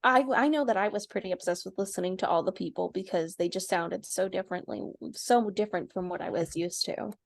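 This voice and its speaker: A woman's voice: medium pitch, brisk, creaky, few pauses, dry recording. Woman with a slight Southern twang. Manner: playful, giggly, tries out silly accents. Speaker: podcast co-host. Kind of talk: casual chat.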